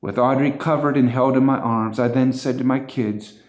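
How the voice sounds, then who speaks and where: A man's voice: medium pitch, fairly even intonation, darkish tone. Earnest middle-aged man telling a story. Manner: earnest, emotional, measured. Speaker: husband telling a family story. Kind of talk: personal testimony storytelling. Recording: roomy echo.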